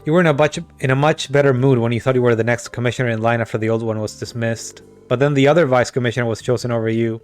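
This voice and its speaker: A man voicing a stern, fed-up middle-aged wife who speaks in a cool, measured, scolding way. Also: mid-range voice, steady tone, darkish tone, faint music behind, lightly acted.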